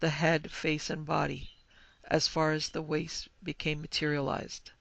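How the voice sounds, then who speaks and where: A male podcast host with a very gravelly, fairly high voice, narrating a ghost story in an even, measured way. His pitch stays flat, and the recording is dry and close to the mic. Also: no echo.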